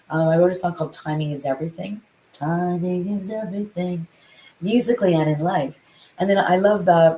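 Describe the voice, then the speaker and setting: A woman musician chatting in an interview, often singing rhythms out loud. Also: low-pitched, reverberant, a little hiss or hum, rough recording. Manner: chatty, sings rhythms aloud. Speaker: guest, musician and composer. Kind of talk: casual interview chat.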